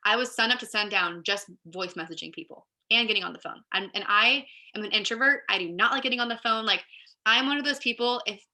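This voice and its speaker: A woman's voice: medium pitch, quick pace, bright, forceful tone. A woman giving a casual training talk to her team, chatty and direct, often saying "like" and "you guys". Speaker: team leader.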